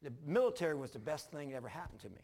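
An older man preaching a sermon, telling his own story in a folksy, repetitive way with sudden loud bursts. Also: on the high side, big pitch swings, very fast. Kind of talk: sermon with personal testimony.

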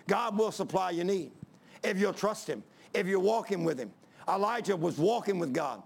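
A man preaching a sermon to a congregation in church, emphatic and repetitive, building to shouts. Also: sits high, animated, brisk, vocal fry.

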